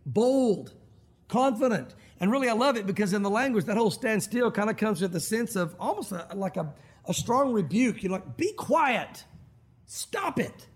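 A middle-aged man preaching a sermon as pastor, animated and acting out quoted voices. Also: high voice, fairly quick, slightly rough.

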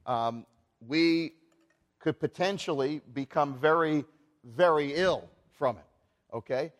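A man preaching a sermon in church, animated and asking the congregation rhetorical questions. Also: a little high, in a large hall. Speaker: pastor.

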